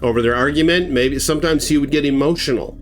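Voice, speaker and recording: A man's voice: on the high side, fast, faint music behind. A man telling a horror story in a casual, rambling way, full of fillers and restarts.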